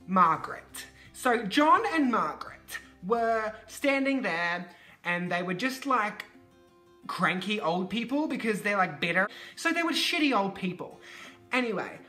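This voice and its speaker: A woman from Australia with an Australian accent, telling a storytime on her vlog with animated, profane ranting. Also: mid-range voice. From Queensland, Australia. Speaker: vlogger.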